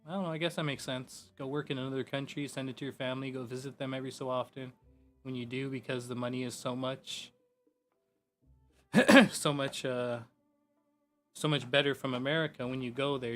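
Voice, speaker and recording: A man streaming a game, chatting casually and loosely, swearing and filling every pause with "like" and "you know". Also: mid-range voice, fairly bright tone. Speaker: gaming streamer. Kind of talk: casual rambling chat.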